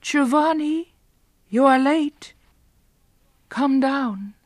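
A pleading young woman with a high voice, as a woman narrator puts her on. She speaks slowly and with urgency. The recording is dry and close. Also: no room sound. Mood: calling.

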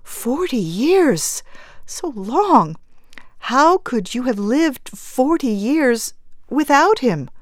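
A woman's voice: big pitch swings, a little slow, few pauses, no room sound, studio quality. A woman reading aloud, voicing a grieving young mother dressed in black who speaks in a choked, pleading way. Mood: tender, wondering. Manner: choked, pleading, high-strung.

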